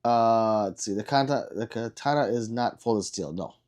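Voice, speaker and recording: A man's voice: on the low side, moderate pace, darkish tone. A man hosting a casual livestream, reading viewer comments in a rambling, self-deprecating way with frequent restarts. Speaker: livestream host.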